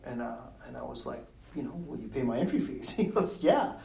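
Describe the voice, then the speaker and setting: A middle-aged man telling a story as a podcast guest, animated and quick to laugh, acting out the people he quotes. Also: mid-range voice, gravelly, distant mic. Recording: roomy sound from off mic.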